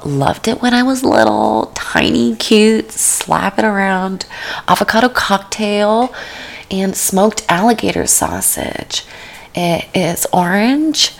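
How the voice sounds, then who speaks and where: A woman's voice: mid-range voice, gravelly. A woman podcast host giving comedic commentary on a cooking show, with dry, rambling asides that often drop to a whisper.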